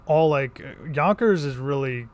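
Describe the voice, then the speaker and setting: A man's voice: on the high side, lively intonation, a little slow, dull audio. A man from the Connecticut countryside telling a long story in a casual vlog, rambling with many restarts and fillers. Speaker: vlogger.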